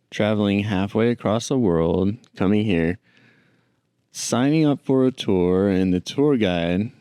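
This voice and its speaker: A man's voice: sits low, mellow, clear, resonant tone, no room sound. A man hosting a podcast, rambling dryly on his own and talking to his pet. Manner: rambling, dry, talks to a pet. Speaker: podcast host. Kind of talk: casual solo chat.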